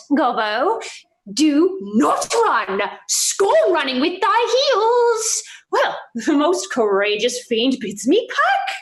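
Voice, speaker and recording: A woman's voice: sits high, a little hiss or hum, full character voice. A woman playing a young male clown servant who argues comically with himself, acting Shakespeare over a video call. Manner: comic, bouncy, playing all the inner voices.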